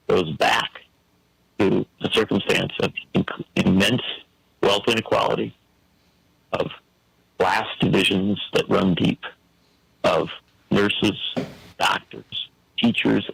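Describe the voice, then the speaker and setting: A man's voice: low-pitched, lively intonation, slow, creaky, long pauses, fairly bright tone, breathy edge, no echo, low-quality recording. A man giving an emphatic, preacherly political commentary on a talk show, full of rhetorical questions.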